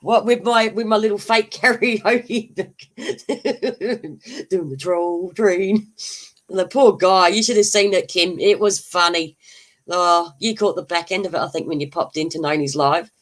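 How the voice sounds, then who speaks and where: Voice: medium pitch, a little slow, a bit bright. A livestream host who chats casually, laughs often and answers viewers' comments. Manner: laughs often, chatty and rambling, answers chat.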